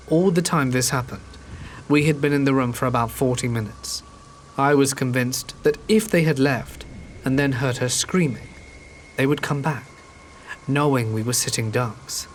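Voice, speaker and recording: A man reading a true horror story aloud in a calm, measured storytelling manner. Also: medium pitch, slight background noise. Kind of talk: scripted narration. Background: faint rain.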